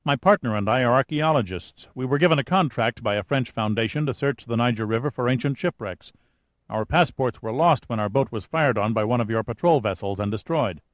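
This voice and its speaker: A man's voice: mid-range voice, expressive, a little fast, no echo, lightly acted. A man voicing a cool-headed, wisecracking male adventurer who answers in a dry, flippant way.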